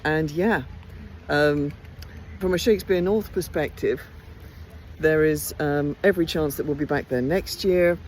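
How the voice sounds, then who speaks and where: A woman's voice: low voice, unhurried, darkish tone, slight background noise. A tired woman chatting enthusiastically in a casual behind-the-scenes vlog, full of ums and restarts. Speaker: theatre company director. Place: outdoors by a house.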